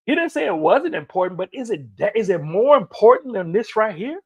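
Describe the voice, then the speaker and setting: A man preaching a motivational sermon as a minister, emphatic and animated, with lots of repeated phrases. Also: high voice, brisk, breathy edge, dull audio.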